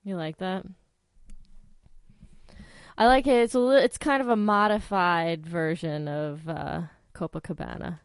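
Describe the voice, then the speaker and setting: A woman's voice: lowish voice, fairly even intonation, measured pace, long pauses, smooth, no room sound. Brief: a chatty woman host of a radio talk show, dry studio mic. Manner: chatty, swears casually, sings along to songs. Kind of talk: casual radio chat.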